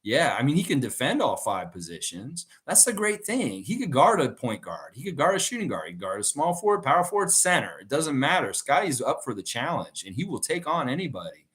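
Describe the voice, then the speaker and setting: A man's voice: mid-range voice, fairly quick, few pauses. Middle-aged guy on a live stream, chatty and rambling, voice swinging all over, laughs a lot. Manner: rambling, animated storytelling with frequent laughs; reads out viewer comments. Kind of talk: casual live-stream chat.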